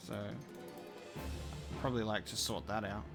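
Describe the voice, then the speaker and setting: A man's voice: fairly low pitch, steady tone, moderate pace. A man with a blend of Australian and British accent, chatting casually while live-streaming a game and reacting to chat. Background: faint game music.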